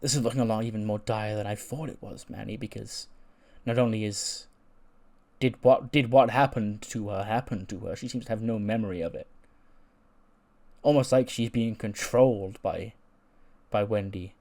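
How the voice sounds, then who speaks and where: An earnest male wrestler talks a problem through with steady determination, as a man reads him. His voice sits on the low side in a wrestling game storyline. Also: moderate pace, lightly acted.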